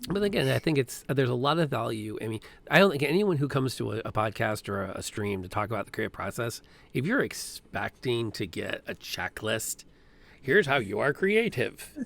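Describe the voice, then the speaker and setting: A man's gravelly, fry-laden voice chats casually on a live stream. He sounds earnest and reflective as he wraps up his points. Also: mid-range voice, a little fast, hardly any pauses. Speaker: podcast co-host.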